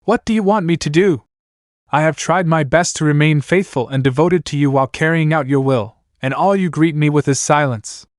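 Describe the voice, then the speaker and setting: Earnest young exorcist guy, pleading, a bit higher voice, as the reader puts him on. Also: moderate pace, dry recording, studio quality, lightly acted. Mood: anguished. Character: devout young male exorcist, anguished.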